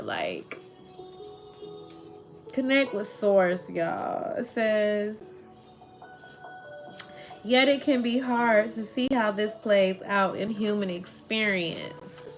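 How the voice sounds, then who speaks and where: Woman tarot reader, slow and rambling, emotional delivery, faint music bed. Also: medium pitch, very animated. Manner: rambling, emotional, says "like" often. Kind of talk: spiritual tarot reading to viewers.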